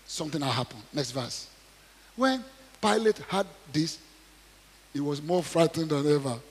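A man with a husky, slightly high voice preaches in a large hall with a long reverb trailing each phrase. He reads scripture and breaks off into animated asides, questions to his listeners and loud acted-out quotes. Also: measured pace. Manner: asks the audience questions, repeats words. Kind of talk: sermon, reading and commenting on scripture.

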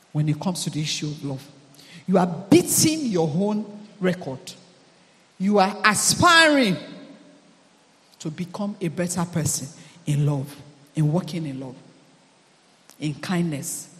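A male pastor with a high voice delivers an emphatic sermon, piling phrases into rhythmic, repeated lists. His voice rings through a church hall with a long reverberant tail. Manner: emphatic preaching with repetitive, building cadence.

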